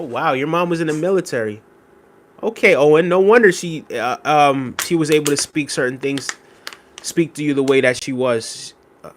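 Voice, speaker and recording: A man's voice: medium pitch, fairly bright tone. Rambling man chatting on a live stream. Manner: rambling and conversational, many fillers, reacting to chat. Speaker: livestream host. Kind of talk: casual live-stream chat reading viewer comments.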